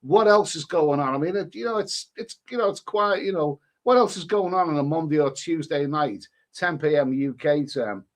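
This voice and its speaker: A man's voice: on the high side, moderate pace, few pauses. A middle-aged man from England hosting a casual live stream, reading out viewer names and messages and chatting about them. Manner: rambling, chatty, reads out usernames and messages.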